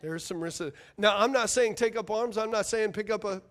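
A man's voice: sits high, fairly quick. A man preaching a sermon as pastor, emphatic and fiery, firing rhetorical questions at his congregation.

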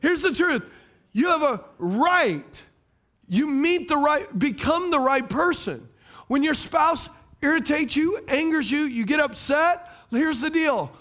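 A middle-aged male pastor delivers a sermon in a strikingly high voice that leaps up and down with feeling. He hammers phrases twice and keeps turning to his congregation with questions. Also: expressive, a little slow, a bit bright. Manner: preaching cadence, fires rhetorical questions at the congregation; repeats key phrases for emphasis.

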